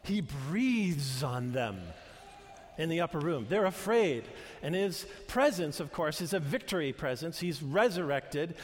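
Older man, pastor, earnest conversational sermon, slightly high voice, long hall reverb. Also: lively intonation, normal speed, hardly any pauses, slight background noise. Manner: conversational, earnest, with restarts and asides.

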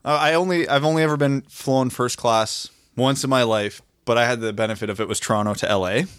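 A man co-hosting a podcast, chiming in with dry wisecracks at a medium pitch. The mic is close and dry, with no room around him. His jokes land flat and understated. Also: quick pace, clear, resonant tone, no room sound. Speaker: podcast co-host. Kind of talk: casual sports podcast chat.

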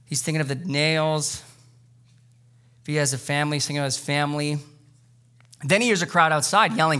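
A man's voice: a little high, steady tone, a little fast, pauses often. Earnest man preaching a sermon. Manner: earnest, conversational preaching with sudden loud emotional peaks. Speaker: pastor. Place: church sanctuary.

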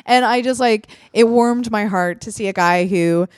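A woman's voice: mid-range voice, moderate pace, smooth, no room sound, studio quality. A woman hosting a podcast in casual chat, talking freely with frequent laughs and fillers. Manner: chatty, laughs often, lots of fillers. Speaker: podcast host.

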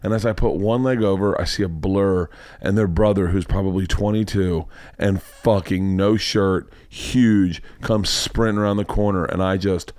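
A man hosting a podcast, telling a profane, animated story in casual chat and acting out the voices in it. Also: low-pitched, normal speed, hardly any pauses, dry recording. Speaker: podcast host.

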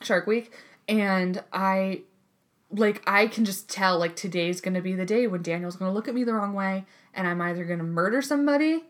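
A woman's voice: medium pitch, moderate pace. A young woman in her twenties, a graduate student, chatting casually and animatedly, swearing freely. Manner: animated, acts out voices in quotes, swears freely. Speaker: podcast co-host, grad student. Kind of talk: casual chat.

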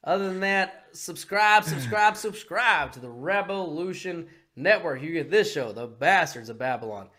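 A man hosting a podcast in a casual, profane, excitable chat who bursts into shouts. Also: on the high side, normal speed, hardly any pauses. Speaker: podcast host.

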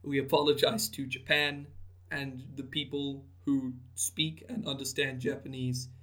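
A man's voice: mid-range voice, flat delivery, a little slow, a bit bright. A man co-hosting a casual podcast chat, rambling with lots of fillers and restarts. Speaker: podcast co-host. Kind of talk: casual chat about tabletop game content.

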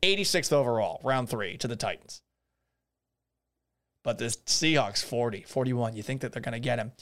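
A man's voice: mid-range voice, moderate pace, fairly bright tone. A man hosting a solo sports podcast, sarcastic and swearing freely, often laughing at his own jokes. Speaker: podcast host. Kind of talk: casual solo sports talk.

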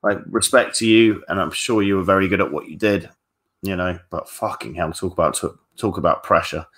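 Deep, low-pitched male coach fielding live-stream questions, frank and offhand, drops the odd swear. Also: fairly quick, a bit bright. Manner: casual, blunt and frank, swears freely. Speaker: dating coach.

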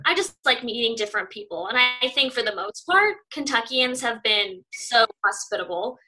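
A young woman from California talks casually as an interview guest. Her voice sits fairly high and rings bright and forward. She is chatty and upbeat, sprinkling in 'um' and 'like'. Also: animated, moderate pace, low-quality recording. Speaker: news reporter, interview guest.

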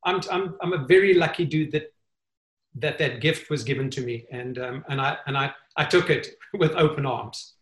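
A man's voice: a little high, fairly bright tone. Earnest man in a roomy echo. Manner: earnest, halting with frequent restarts. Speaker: guest. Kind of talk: conversational interview.

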